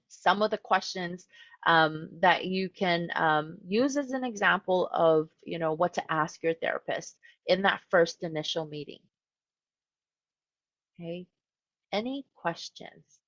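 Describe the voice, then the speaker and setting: A woman mental health counselor presenting a webinar in a relaxed, conversational way, often voicing what a client might think. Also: on the low side, measured pace, no room sound, highs cut off.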